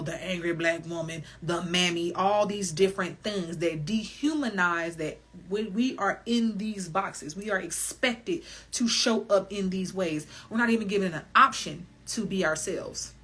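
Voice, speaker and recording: A woman hosting a wellness podcast, talking candidly on her own in an animated, emphatic way, swearing freely and laughing often. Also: medium pitch, slightly rough. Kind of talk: candid solo podcast monologue.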